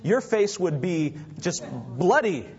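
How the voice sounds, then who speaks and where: A man preaching a sermon, swinging dramatically from loud to hushed. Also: high-pitched, big pitch swings, slow. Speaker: pastor. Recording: dull lo-fi recording.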